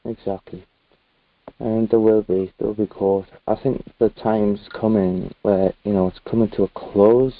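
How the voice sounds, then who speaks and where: A man's voice: lowish voice, fairly even intonation, measured pace, no echo. A British man from the UK, a guest talking in a casual video-call chat, earnest and rambling with many fillers. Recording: tinny phone-like dry call audio.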